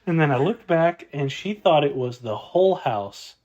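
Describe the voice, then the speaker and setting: A man co-hosting a podcast in casual chat, joking, rambling and quick to apologize. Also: medium pitch, animated, a little mellow. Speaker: podcast co-host.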